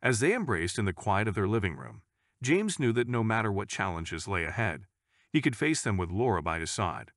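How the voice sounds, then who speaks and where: Low-voiced male story narrator, measured. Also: very animated, fairly bright tone, no room sound, studio quality.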